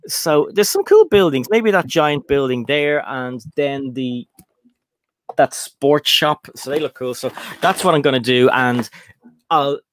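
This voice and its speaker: A man's voice: medium pitch, a little slow. A man hosting a casual live stream, greeting viewers by name with plenty of ums and uhs. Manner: chatty, reads out chat names with fillers. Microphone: desk setup, computer far away.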